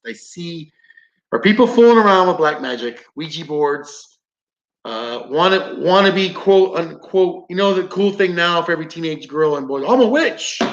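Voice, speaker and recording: A man's voice: a little high, fairly bright tone. Rambling man telling a ghost story. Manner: rambling, swears freely, acts out quotes. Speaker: paranormal investigator. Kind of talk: casual storytelling. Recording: roomy, dull lo-fi podcast audio.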